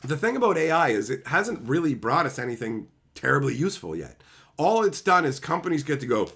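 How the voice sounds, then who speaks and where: Profane ranting male streamer, lively pitch. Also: a little fast, vocal fry. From Canada. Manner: angry, profane, sarcastic ranting. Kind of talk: live-stream rant to chat.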